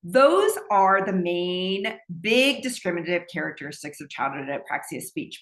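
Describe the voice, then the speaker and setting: A woman with a slightly low voice walks through a teaching presentation as a speech pathologist. She explains steadily, laughing lightly now and then, and the room around her rings with echo. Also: a bit bright. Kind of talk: recorded presentation lecture. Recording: echoey room.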